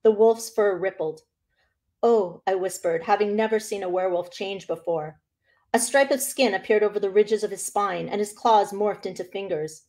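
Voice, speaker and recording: An author, a woman, reading her own novel aloud in an expressive first-person narration. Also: mid-range voice, normal speed.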